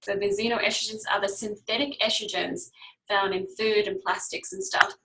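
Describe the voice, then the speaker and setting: A woman's voice: mid-range voice, moderate pace, very noisy. A woman teaching a casual online health class, explaining step by step and often checking in with her listeners.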